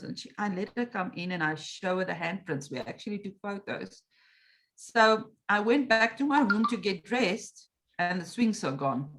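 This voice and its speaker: This middle-aged woman is a meditation coach being interviewed, speaking in a mid-range voice at normal speed with a little hiss or hum on the recording. Animated as she tells her story, she acts out how she reacted back then and repeats quotes.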